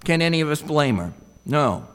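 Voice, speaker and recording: A man's voice: a little high, sing-song, moderate pace, clean tone, long reverb tail. A man preaching a sermon in a reflective way, often putting rhetorical questions to his listeners.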